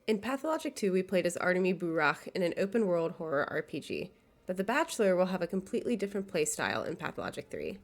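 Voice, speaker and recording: Young woman w a stuffy nose doing a video essay, kinda low voice, eager. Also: big pitch swings, fast. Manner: earnest, enthusiastic, with occasional fillers. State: sick, nasal and congested. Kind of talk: scripted video essay commentary.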